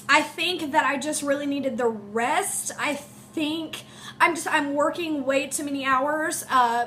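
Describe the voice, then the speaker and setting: A young woman with a high, bright voice that sounds congested and a little off from a recent illness. She talks to camera in a personal vlog, halting and emotional, with many ums and likes. A faint hum from a space heater runs under her voice at home. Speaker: teacher and vlogger. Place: home room.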